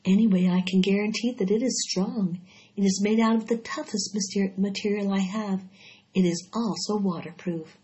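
A woman voicing a tired, gentle and wise female spider with a weak, quiet voice. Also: medium pitch, fairly even intonation, normal speed, lightly acted. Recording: dull lo-fi recording.

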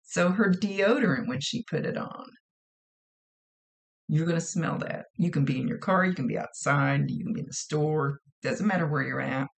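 Gravelly-toned lady doing a psychic reading, talks straight to you and says things twice. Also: low voice, normal speed. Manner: relays messages and gives direct advice, often repeating phrases. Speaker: psychic medium. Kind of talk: casual mediumship reading.

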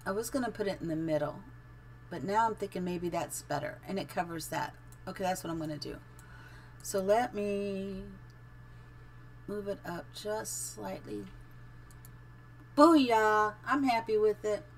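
A woman's voice: mid-range voice, moderate pace, a little mellow, slight background noise. Chatty middle-aged woman streaming a build. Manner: chatty, thinks aloud, giggly. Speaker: game streamer. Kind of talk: casual live-stream building commentary.

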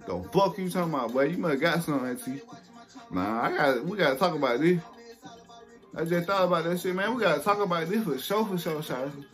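A young man telling a casual story to camera, animated and profane, acting out what people said. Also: a little high, a little fast, faint music behind. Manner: animated, profane, acts out quotes.

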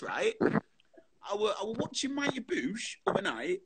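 A man's voice: very high voice, wildly swooping pitch, unhurried, vocal fry, over a noisy crowd. A man hosting a casual chat show over a video call, chatty and full of matey banter.

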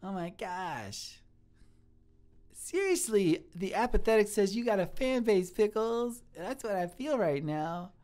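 A man with a high-sitting voice talks a little slowly while acting as a sweet, shy cook in his thirties in live-streamed improv comedy. His character rambles earnestly and is easily flattered.

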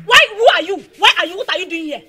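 A woman with a Nigerian accent playing a pregnant village wife who loudly accuses her husband's city fiancée. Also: very high-pitched, animated, rapid-fire, soft background music, exaggerated voice. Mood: mocking, indignant. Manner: loud, accusing, mixing in pidgin.

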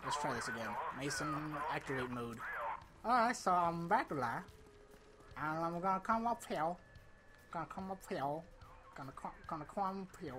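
A young man commenting on his own gameplay in a goofy way, often jumping into high silly voices, on a desktop mic with a pop filter. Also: animated, normal speed, bright, forceful tone, soft background music. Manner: goofy, jumps into squeaky high put-on voices. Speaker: gamer. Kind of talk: let's-play commentary. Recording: game sound and hiss behind.

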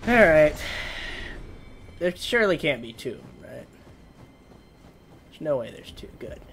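Young male streamer, fairly high voice, rambling and jokey, with sudden yelps. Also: very animated, slow, slight background noise. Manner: rambling, swears, bursts into sudden yells. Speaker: gaming streamer. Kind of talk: casual gameplay commentary.

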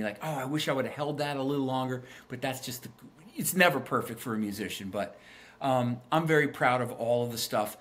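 A middle-aged man and guest musician telling stories earnestly and reflectively in a casual interview, often repeating words as he thinks. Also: mid-range voice.

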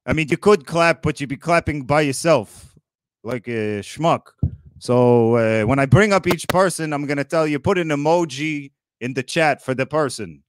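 A man playing Moses as a grumpy old Brooklyn man, hosting a comedy roast with sarcastic rapid-fire jokes. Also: on the high side, dry recording, close to an everyday voice. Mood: kvetching. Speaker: roast host.

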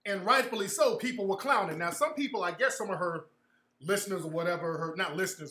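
Bright, mocking male podcast host. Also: sits high, fast talker, roomy sound. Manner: profane, mocking, laughing at his own story. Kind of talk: casual storytelling monologue.

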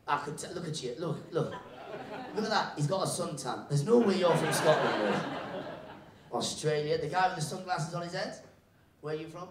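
A male stand-up comedian working the crowd from the stage, teasing people with quick, playful banter. His voice sits a little high, and it rings through an echoey live room, picked up from a few steps away. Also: animated, far from the mic, heavy background noise. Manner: brisk, playful, repeats his catchphrases.

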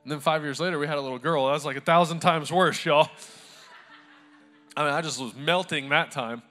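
A man's voice: fairly high pitch, brisk, pushed and bright, soft background music. A male pastor preaching a sermon to a live church congregation, telling stories in a conversational, humorous way.

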